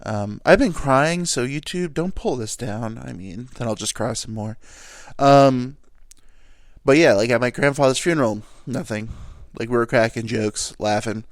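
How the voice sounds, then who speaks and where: A man's voice: mid-range voice, unhurried, dry recording, studio quality. A young man hosting his own podcast, talking in a rambling, self-deprecating way with crude jokes. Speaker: podcast host. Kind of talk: casual solo podcast monologue.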